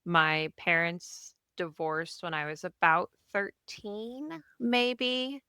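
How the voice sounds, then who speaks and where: A woman with a low voice that still sounds bright and forceful, speaking as a podcast guest. She is earnest and reflective, letting her thoughts unfold in long sentences. The sound is clean and smooth, dry and close. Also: steady tone, slow pace, no room sound. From Ohio, US. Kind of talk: candid personal interview.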